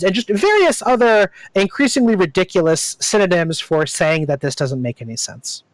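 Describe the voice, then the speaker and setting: A game master narrating a tabletop game, slow and hesitant, with frequent pauses. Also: mid-range voice, lively intonation, no echo, poor audio.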